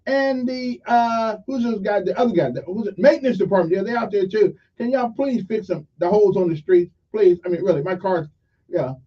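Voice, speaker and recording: A man's voice: high-pitched, brisk, recorded from a distance. An older man hosting a casual morning radio talk show, rambling and joking with many fillers. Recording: muffled audio from off mic.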